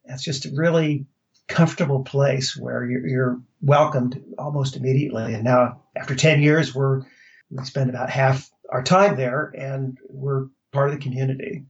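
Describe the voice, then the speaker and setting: A man from the United States talks easily, sharing experiences in an unhurried storytelling flow with occasional restarts. His voice sits at an ordinary middle pitch. The recording is slightly dull and lo-fi. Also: fairly even intonation. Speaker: interview guest. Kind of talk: casual conversation.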